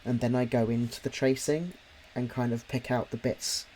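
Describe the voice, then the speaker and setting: A man's voice: medium pitch, fairly even intonation, moderate pace, darkish tone, a little hiss or hum. A man with a slight Cockney accent from near London, chatting casually on a live drawing stream, rambling with lots of fillers and restarts. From near London, England. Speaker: stream co-host and podcast writer.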